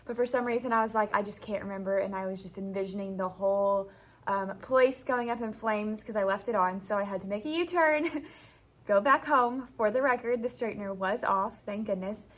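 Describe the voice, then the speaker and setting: A woman's voice: mid-range voice, normal speed, fairly bright tone. Chatty young woman teacher vlogging. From Florida. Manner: chatty, laughs easily, uses "y'all" and "like". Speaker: first grade teacher. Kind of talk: casual vlog chat. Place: classroom, indoors.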